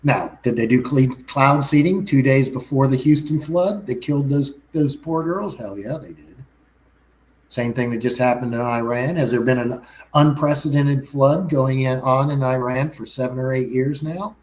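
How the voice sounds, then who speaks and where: Talk show guest, male, mid-pitched, rambling delivery full of restarts. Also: moderate pace, a little mellow, low-quality recording. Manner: rambling, frequent restarts and self-corrections. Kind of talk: casual chat.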